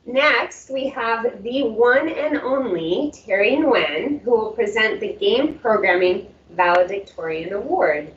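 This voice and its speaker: A woman's voice: fairly high pitch, expressive, slow, hardly any pauses. A woman hosting a graduation ceremony, introducing presenters in an upbeat, announcing way. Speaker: ceremony host. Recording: roomy, distant, dull sound.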